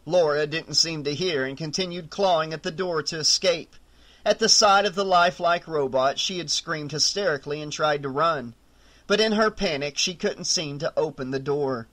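A man reading a horror audiobook in a dramatic, measured narration. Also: fairly high pitch, a bit bright.

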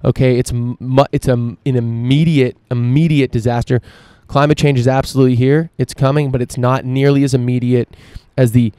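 Dark, flat-voiced ranting male podcaster. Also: medium pitch, moderate pace, hardly any pauses, clear, resonant tone, no room sound. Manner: profane, emphatic ranting. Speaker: podcast host. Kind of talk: solo opinion podcast monologue.

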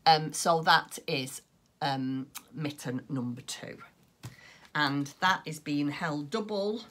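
A woman's voice: low voice, slow pace, a bit bright. A woman chatting casually on her craft podcast, rambling along with plenty of ums. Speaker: crochet and knitting podcaster.

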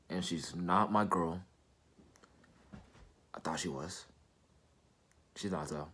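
A young man with a deep, low voice chats to his camera from his bedroom, stuffy and sick with a cold. He rambles in an easygoing way, full of fillers. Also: takes it slowly, pauses often, pushed and bright, breathy edge. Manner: laid-back, rambling with fillers. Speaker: sneaker customizing vlogger. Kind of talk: casual chat to camera.

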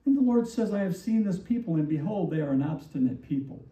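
A man preaching a sermon as pastor, animated and full of rhetorical questions, acting out the lines he quotes. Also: high-pitched, quick pace. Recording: distant, roomy, dull church recording.

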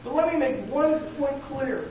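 In a very echoey, distant, dull lo-fi church recording with a little hiss or hum, a Midwestern-accented pastor delivers his sermon. His very high voice has lively intonation and an unhurried pace, and he talks conversationally, asking the congregation rhetorical questions.

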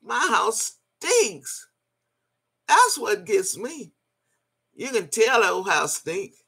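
A woman's voice: mid-range voice, very animated, very slow, creaky, a bit bright, husky. An older woman in a casual vlog rant, profane and mocking, breaking into laughter often. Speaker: vlogger.

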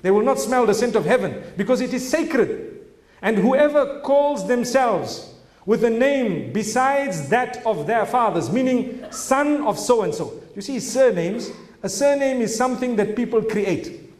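A man's voice: extremely high pitch, expressive, unhurried, a little mellow, echoey room. A man giving an Islamic religious lecture in an earnest, explanatory way, with frequent exclamations.

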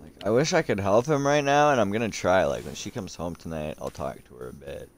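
A man's voice: low voice, animated, brisk, a little hiss or hum. A young man chatting casually while streaming poker from home, rambling and swearing with lots of fillers, on a headset mic. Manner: rambling, profane, many fillers. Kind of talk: casual livestream chat.

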